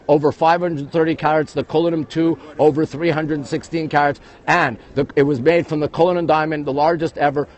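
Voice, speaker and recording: A man with a New York accent, hosting a live walking tour on his phone, talking quickly and greeting viewers all the time. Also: fairly high pitch, darkish tone. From United States. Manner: rapid-fire, greeting viewers constantly. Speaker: livestream host. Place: outdoors at a busy historic site. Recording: faint outdoor city noise.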